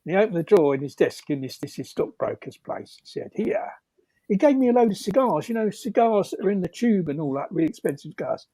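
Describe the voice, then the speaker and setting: A man's voice: sits high, lively intonation, fast talker, hardly any pauses, warm tone, dry recording. An older man, telling rambling stories as a guest and chuckling as he goes. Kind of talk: anecdotal storytelling.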